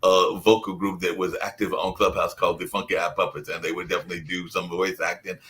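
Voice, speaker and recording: Male host, low voice, loose and rambling delivery. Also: fast, slight background noise, low-quality recording. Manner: rambling, relaxed, with repeated stock phrases. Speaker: radio talk show host. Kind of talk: casual radio talk.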